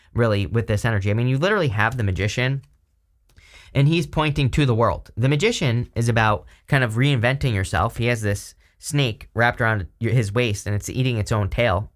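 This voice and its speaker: Rambling male tarot reader, casual. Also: mid-range voice. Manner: rambling, many fillers and restarts. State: throat irritated by allergies.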